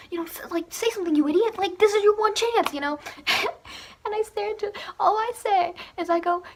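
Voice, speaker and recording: A woman's voice: fairly high pitch, a bit bright, a little hiss or hum. A teenage girl telling a story on her vlog in a gushing, giggly way, with lots of fillers and laughter. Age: teens. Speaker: vlogger. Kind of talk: excited storytelling.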